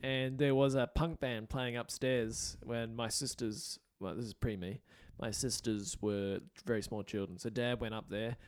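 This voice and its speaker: A man's voice: medium pitch, fairly even intonation, unhurried, hardly any pauses. A man, co-hosting a casual chat and rambling through stories with many fillers. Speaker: podcast co-host.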